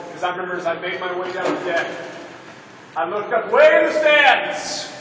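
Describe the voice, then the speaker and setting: A young man giving an energetic motivational speech to children, calling out to the audience for responses. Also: high-pitched. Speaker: motivational speaker. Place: large echoey hall. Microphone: distant mic. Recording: echoey hall, distant mic, noisy.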